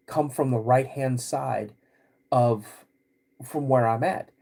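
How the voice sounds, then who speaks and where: A man hosting a podcast, recounting a personal story in a halting, vivid way with many restarts. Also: mid-range voice, warm tone, breathy edge. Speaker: podcast host.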